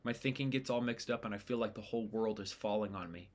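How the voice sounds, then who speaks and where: Man voicing a frightened, angry teenage boy, low register, raw edge. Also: fast, natural voice.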